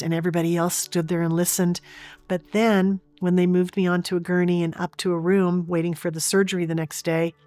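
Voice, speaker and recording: A woman's voice: fairly low pitch, a little mellow, no echo. A woman guest in an interview, earnestly and vividly retelling a personal experience.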